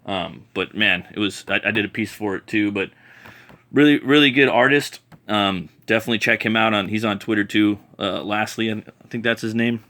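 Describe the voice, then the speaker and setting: A man's voice: lowish voice, normal speed, bright, forceful tone. A man casually reviewing comic books, rambling enthusiastically with many fillers and restarts.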